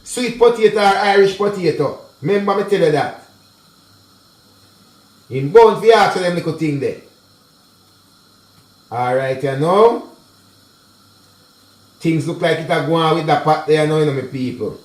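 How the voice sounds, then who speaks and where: Chatty Jamaican man, high voice. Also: unhurried, long pauses, a little mellow, roomy sound. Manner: chatty patois mixed with English, addresses viewers directly. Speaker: cooking vlogger. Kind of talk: casual cooking tutorial. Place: kitchen.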